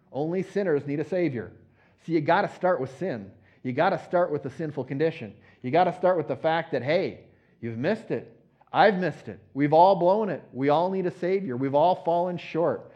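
A man preaching an earnest teaching sermon, repeating key phrases and swelling louder on them. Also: fairly high pitch. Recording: dull lo-fi recording.

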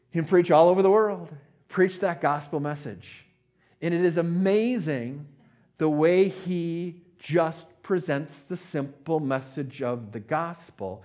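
Male preacher, slightly high voice, earnest teaching sermon with rising emphasis; dull lo-fi recording. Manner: earnest, repetitive emphasis, swells louder on key phrases.

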